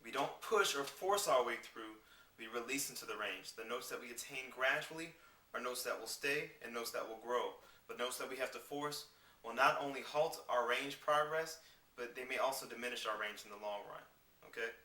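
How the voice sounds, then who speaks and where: A man giving a singing lesson, explaining clearly and demonstrating vocal scales on simple syllables. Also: mid-range voice, normal speed, bright, forceful tone, far from the mic. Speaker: singing teacher. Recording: roomy sound with piano behind. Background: piano accompaniment.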